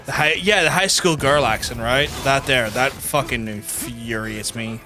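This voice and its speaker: A man's voice: medium pitch, a little slow. A young man commentating his own gameplay live, sweary and blunt, ranting between fights. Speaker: gaming streamer. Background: game music.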